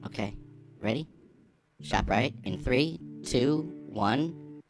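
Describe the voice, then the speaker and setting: A woman's voice: extremely low pitch, expressive, slow pace, music in the background. A woman co-hosting a podcast, playfully making up rhymes in casual chat.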